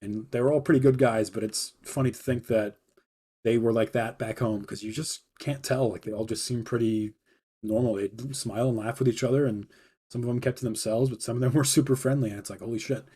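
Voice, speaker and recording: A man's voice: medium pitch, steady tone, brisk, warm tone, breathy edge. Laid-back young man telling stories. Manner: rambling, laid-back, heavy on fillers. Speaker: livestream host. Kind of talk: casual storytelling.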